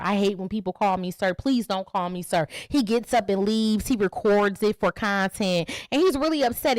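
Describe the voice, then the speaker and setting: A woman hosting a comedy podcast, with a high voice that leaps all over the place. She sounds brash and profane and preaches her opinions hard. The sound is close and dry. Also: dry recording. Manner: brash, profane, preachy, swings between shouting and muttering. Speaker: podcast host.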